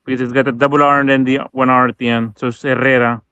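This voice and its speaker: A man chatting casually on a live stream, relaxed, explaining how to pronounce names. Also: medium pitch, racing, clear, resonant tone, no room sound. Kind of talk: casual chat. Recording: dull, dry lo-fi stream audio.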